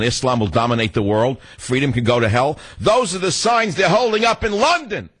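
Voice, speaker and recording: A man hosting a talk radio show, delivering an indignant, combative monologue with sudden leaps in pitch. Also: husky.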